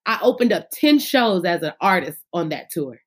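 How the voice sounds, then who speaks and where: This is a woman in her thirties with a somewhat low voice. She is a singer guesting on a podcast. She talks about her faith and her career with heartfelt fervor, in an easy conversational way. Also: big pitch swings, moderate pace, husky. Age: 30s. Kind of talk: casual interview.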